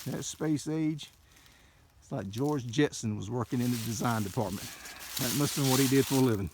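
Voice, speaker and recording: An older man, a car dealer, giving an excited, folksy walkaround and talking to viewers as folks, recorded on a handheld camera mic. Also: mid-range voice, normal speed, background noise. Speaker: classic car dealer showing a car. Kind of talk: casual walkaround narration.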